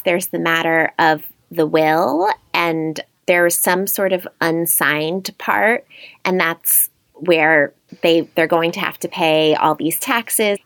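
A woman co-host recaps a film plot in a relaxed way, full of casual fillers. Her voice is very low with a lot of vocal fry. The sound is close and dry. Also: no room sound. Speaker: podcast co-host.

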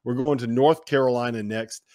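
A man's voice: mid-range voice, fairly even intonation, moderate pace, darkish tone, no room sound, studio quality. A man hosting a casual sports podcast, laughing often as he steers the conversation. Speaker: podcast host.

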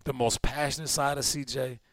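A man in his thirties, a former football player, co-hosting a casual chat and telling stories with lively, acted-out quotes. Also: brisk, dry recording. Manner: animated storyteller, acts out quotes with big pitch swings. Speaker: podcast co-host, former NFL receiver.

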